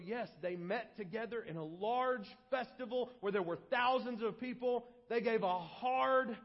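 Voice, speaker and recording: High-voiced man preaching in a reverberant hall. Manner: impassioned preaching that swings from hushed to loud. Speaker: pastor. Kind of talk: sermon. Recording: long hall reverb, dull lo-fi sound.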